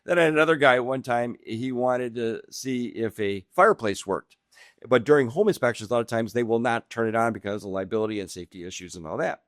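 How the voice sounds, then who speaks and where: A middle-aged man spins animated anecdotes as a podcast guest and breaks into laughter along the way. His voice sits in a typical middle register. It is recorded dry, with no room sound. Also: medium pitch, fairly quick, no echo. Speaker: guest real estate agent. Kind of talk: casual podcast storytelling.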